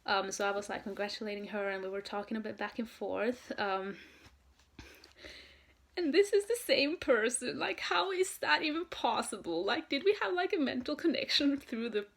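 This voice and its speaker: A young woman from Norway tells a story to her camera in a casual vlog. She talks in an excited, gushing way, full of "um" and "like". Her voice sits a little high and carries a gravelly fry. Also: normal speed. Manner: excited, gushing, many fillers. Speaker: vlogger, fan.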